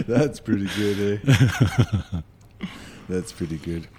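Low-voiced man joking on a podcast. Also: huge pitch swings, drawn-out words, dark tone, a little hiss or hum. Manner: jokey, tells corny dad jokes. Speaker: podcast co-host. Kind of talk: casual podcast chat.

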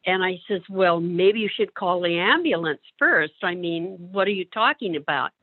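A woman's voice: lowish voice, lively intonation, moderate pace, no echo. Woman storytelling over a tinny line. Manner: acts out the other people's voices in her anecdotes. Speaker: caseworker placing clients in homes. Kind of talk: storytelling in a conversation. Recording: tinny phone-like sound, dry.

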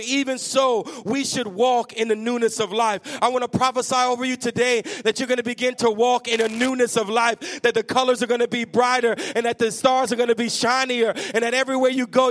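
A man's voice: very high voice, fairly bright tone. A man in his thirties, a pastor, telling a funny personal story that builds into fervent preaching. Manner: humorous, self-mocking asides. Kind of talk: sermon.

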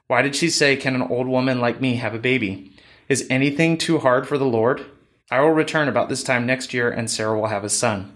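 A man reading the part of the Lord in a calm, measured voice. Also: mid-range voice, close to an everyday voice. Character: the Lord, calm divine male voice.

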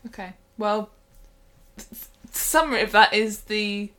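A woman's voice: medium pitch, measured pace, a bit bright. A British woman co-hosting a podcast, teasing her co-host while steering the conversation along. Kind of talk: casual chat.

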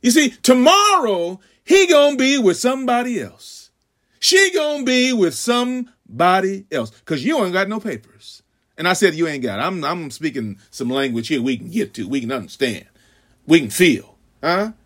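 A man preaching a sermon, calling out "huh?" to the congregation, stammering on repeats and swinging from shouts to hushed asides. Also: high-pitched, sing-song, normal speed. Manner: call-and-response, frequent "huh?"; stammering repeats when building. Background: congregation laughing.

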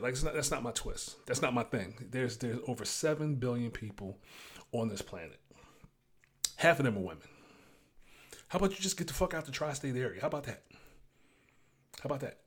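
A man's voice: mid-range voice, slightly rough. A man hosting his own show, talking alone in a blunt, profane, ranting way. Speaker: show host. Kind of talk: casual monologue.

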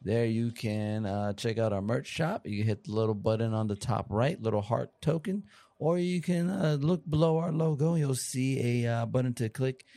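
A young man co-hosting a casual podcast, talking in an easygoing, rambling way with frequent pauses. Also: mid-range voice, warm tone, no room sound. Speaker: podcast co-host.

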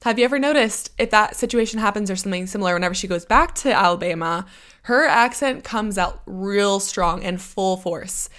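A young woman with an American accent talks on her own in a loose, chatty way, wandering into side notes. Her pitch sits in a middle register, neither high nor low. It sounds like a casual solo podcast episode. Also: brisk, a bit bright. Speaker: podcast host.

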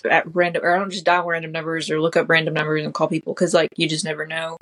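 Low-voiced woman chatting. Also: completely flat delivery, fast talker, fairly bright tone. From Southern United States. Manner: chatty, sprinkles in lots of "like". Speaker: podcast guest, comedy creator. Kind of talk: casual interview chat.

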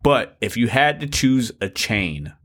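A man's voice: mid-range voice, sing-song, a little slow, fairly bright tone. A man hosting a casual podcast chat, asking his guest questions. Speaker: podcast host.

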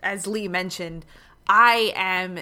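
A woman's voice: mid-range voice, slow pace, bright, forceful tone. A woman from Northern Illinois with a Northern Illinois accent, co-hosting a podcast in casual, chatty talk and laughing easily. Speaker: podcast co-host.

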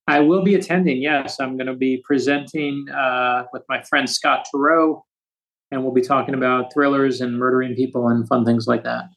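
A man in his fifties from the United States, an author telling stories with quick asides as a podcast guest. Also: mid-range voice, steady tone, fairly bright tone, rough recording. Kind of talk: storytelling interview.

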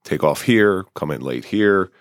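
A man with a very deep voice chats casually as a podcast host. He adds short side remarks to the conversation. The sound is dry and close. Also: animated, a little slow, no echo. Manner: chimes in with brief remarks. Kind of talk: casual interview chat.

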